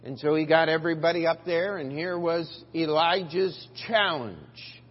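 A male pastor preaching a sermon, retelling a Bible story in a folksy, animated way and acting out the voices. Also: a little high, normal speed, slightly rough. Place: church sanctuary. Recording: dull lo-fi church recording with long reverb.

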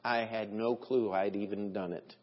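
A man preaching a sermon as pastor, slow and deliberate, with emphatic swells in his delivery. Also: lowish voice, steady tone. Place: church sanctuary. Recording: dull, lo-fi, long hall reverb.

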